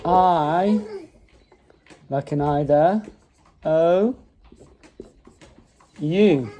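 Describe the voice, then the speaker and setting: A man's voice: fairly high pitch, extremely slow, warm tone, a little hiss or hum, low-quality recording. A man with a Staffordshire Midlands accent teaching English phonics at home, patiently drawing out and repeating vowel sounds, recorded on a mobile phone propped on a dining table. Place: home dining room with children present.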